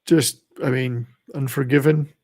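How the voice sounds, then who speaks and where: Gravelly older man chatting. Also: mid-range voice, fairly even intonation, measured pace, a little mellow. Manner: rambling, chatty, laughs at own jokes. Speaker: channel host. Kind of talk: casual live-stream chat.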